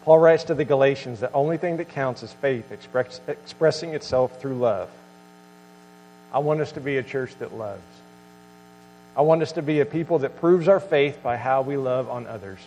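A man preaching a sermon as pastor, earnest and steady. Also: mid-range voice, normal speed, big-room sound, slight background noise, low-quality recording.

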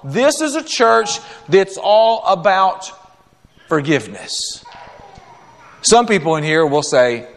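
A man preaching a sermon as a guest preacher, telling a story in an animated, conversational way with quick asides and acted-out quotes. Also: sits high, long reverb tail. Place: church sanctuary.

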